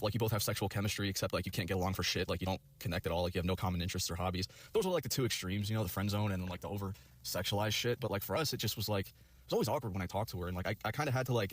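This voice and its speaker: Rapid-fire rambling young man. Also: lowish voice. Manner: rambling, heavy on fillers and profanity. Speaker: storyteller in a video clip. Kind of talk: casual rambling storytelling.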